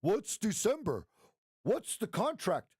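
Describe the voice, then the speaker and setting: Guy putting on a squeaky naive newbie trader voice, dry close sound. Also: huge pitch swings, slow pace, a little mellow, slightly rough, no echo, full character voice. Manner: naive, cheerful questioning. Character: clueless young male rookie trader, eager.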